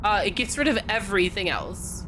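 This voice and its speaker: A woman's voice: mid-range voice, big pitch swings, brisk, fairly bright tone, slight background noise. A woman from California streaming a game, chatting casually and teasing her chat in a playful way.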